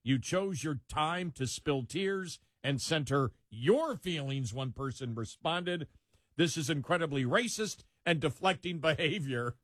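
A man reads a news item aloud for a talk show, breaking off now and then to chuckle or add a wry aside. His voice sits a little high for a man. The recording is close and dry, with no room sound. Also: animated, unhurried, fairly bright tone, dry recording. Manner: reads with frequent laughter and asides. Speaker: co-host reading a news story. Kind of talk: casual commentary, reading quotes aloud.

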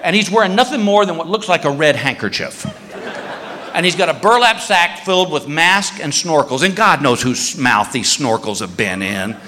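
A stand-up comedian, a man, telling an animated story and acting out voices and screams on a live stage. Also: on the high side, normal speed. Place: comedy stage before an audience. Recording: live stage in a hall with crowd laughter.

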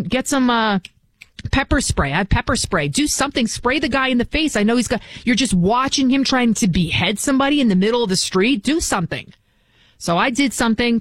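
A woman's voice: fairly high pitch, no room sound. A woman filling in as a talk radio host, delivering a combative, scornful political monologue into a studio mic.

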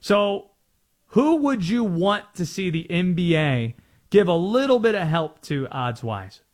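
Lively, chatty sports radio host. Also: male voice, high-pitched, measured pace. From North Carolina. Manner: chatty, self-aware, explains his bits.

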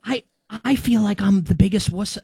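A man's voice: sits high, normal speed, vocal fry, dark tone, slightly rough, dry recording. A man hosting a sports podcast, asking long rambling questions and chatting casually. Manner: rambling, self-interrupting questions. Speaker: podcast host.

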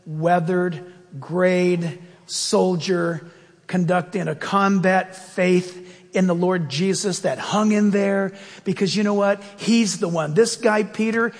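Male pastor, preaching with a husky high voice, big lively swings, long reverb of a large hall. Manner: animated preaching, swinging between loud high outbursts and low quiet asides. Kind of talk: sermon.

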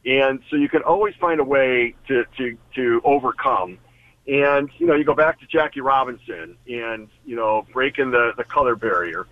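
A man's voice: mid-range voice, normal speed, no room sound. Man telling a story over a phone line. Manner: earnest, restarts and repeats words. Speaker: guest, former team executive. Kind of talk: storytelling in an interview. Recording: tinny phone line on radio.

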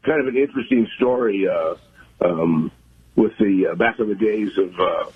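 An older man from the California Central Coast, a guest on a radio interview, talking in a halting, folksy way with many fillers. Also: lowish voice, husky. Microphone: phone. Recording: tinny phone line.

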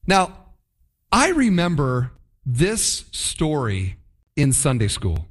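A man preaching a sermon, reading scripture and retelling the story with lively, acted-out asides. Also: fairly high pitch, slow. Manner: lively storytelling, acts out voices of the people in the story. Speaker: pastor. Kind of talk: sermon, Bible teaching.

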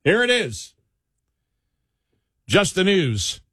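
A man's voice: sits high, very animated, extremely slow, a bit bright, slightly rough, no echo, studio quality. A man with a Buffalo accent co-hosting a radio talk show, chatting easily about politics and reading news items aloud. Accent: Buffalo, New York.

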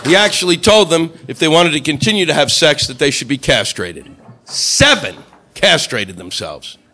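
A male stand-up comedian telling jokes in a lively, incredulous way. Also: fairly high pitch, fairly quick, slight background noise.

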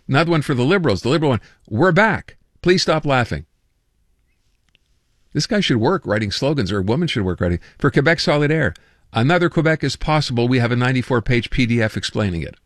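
A man's voice: medium pitch, no echo, clean studio sound. A man hosting a call-in radio show, chatting casually and reading listener texts aloud with amusement. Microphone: studio microphone.

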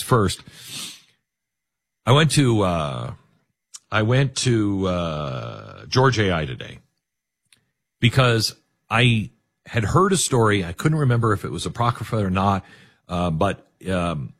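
Middle-aged male host, husky, swings his pitch around a lot, jokes as he tells a story. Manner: animated, jokey asides. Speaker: radio talk show host. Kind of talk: storytelling monologue.

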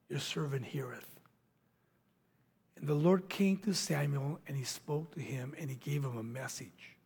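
A man preaching a sermon, retelling a Bible story dramatically, acting out the voices and dropping to hushed near-whispers. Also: fairly high pitch, vocal fry, husky.

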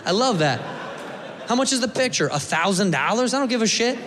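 A young American man doing a crude, animated stand-up set on a club stage, swearing freely. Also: high voice, a little fast. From United States. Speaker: stand-up comedian. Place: comedy club stage with a live audience. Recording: live club recording, long reverb, audience and room noise.

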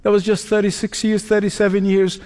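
High-voiced man preaching in a reverberant hall. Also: level tone, a little mellow. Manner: preaching, emphatic repetitions, dramatic pauses. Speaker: pastor. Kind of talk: sermon. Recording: long reverb of a large hall.

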